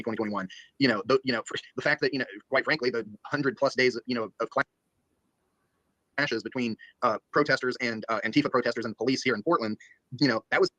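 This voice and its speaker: Fast-talking man, filler-heavy political rambler, dry close sound. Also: mid-range voice, pushed and bright, no echo, low-quality recording. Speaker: stream co-host discussing politics. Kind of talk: casual political discussion.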